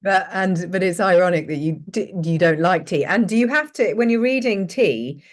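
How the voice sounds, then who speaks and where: A woman hosting an interview in relaxed chat. She asks questions casually and sometimes breaks off halfway through a sentence. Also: lowish voice, normal speed. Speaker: podcast host.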